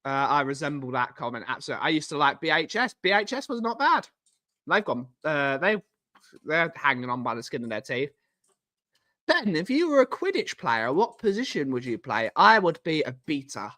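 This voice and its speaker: A man's voice: fairly high pitch, sing-song, moderate pace, bright, forceful tone. A young man hosting a live stream, rambling casually and answering viewers by name as he reads the chat aloud. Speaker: livestream host reading chat.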